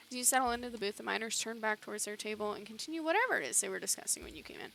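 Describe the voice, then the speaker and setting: Bright-voiced woman streamer reading game dialogue. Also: fairly high pitch, lively intonation, racing, creaky, few pauses, a little hiss or hum. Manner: chatty, reads dialogue aloud, self-commenting. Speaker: streamer playing a narrative game.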